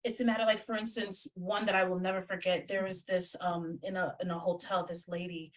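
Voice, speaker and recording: A woman's voice: on the low side, little pitch movement, brisk. Woman psychic medium, casual guest, blunt and salty-mouthed, distant video-call audio. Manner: blunt, swears freely. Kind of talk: casual chat. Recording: distant from the mic.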